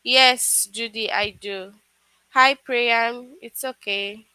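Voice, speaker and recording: A woman's voice: a little high, steady tone, slow, pushed and bright, clear, resonant tone, dry recording, low-quality recording. A woman teaching a live online English lesson to children, explaining patiently step by step with frequent "okay"s.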